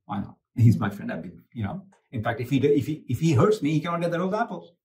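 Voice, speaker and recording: A man voicing a cheeky, clever male monkey in a spoken fable, high and indignant. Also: big pitch swings, quick pace, darkish tone. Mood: breezy confident. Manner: shrill, indignant, mocking.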